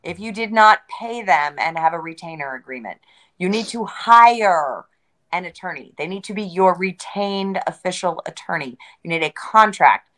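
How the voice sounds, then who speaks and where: Interview guest, woman, lower-pitched, emphatic and wry, repeats key words. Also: expressive, normal speed, hardly any pauses, fairly bright tone. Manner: joking, conversational. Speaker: interview guest, crypto entrepreneur. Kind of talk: casual interview.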